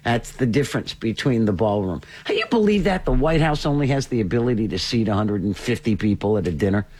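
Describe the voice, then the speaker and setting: A man's voice: fairly low pitch, expressive, quick pace, darkish tone. A man hosting a radio talk show, chatting casually and telling stories with animation. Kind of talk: casual chat.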